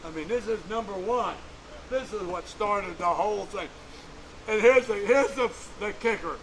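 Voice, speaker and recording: A man's voice: high voice, moderate pace, fairly bright tone, slight background noise, poor audio. A man in his nineties giving a museum tour, telling folksy stories in a plain-spoken, chuckling way. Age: 90s. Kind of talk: storytelling on a guided tour.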